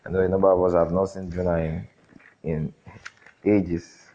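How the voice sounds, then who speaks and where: A man preaching a sermon, often throwing questions at the congregation and filling pauses with "um". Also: deep voice, little pitch movement, mellow. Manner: call-and-response questions, frequent fillers. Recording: dull lo-fi recording.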